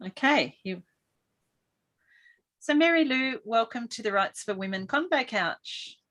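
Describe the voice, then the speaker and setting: A woman's voice: fairly high pitch, animated, unhurried, fairly bright tone. A woman hosting a podcast in a casual, chatty, effusive interview style from a small studio. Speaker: podcast host.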